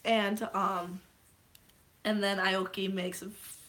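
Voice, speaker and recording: Bright, excitable young woman vlogger. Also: mid-range voice, slow. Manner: rambling, swears freely, bursts into shouts. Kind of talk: excited movie recap on a live stream.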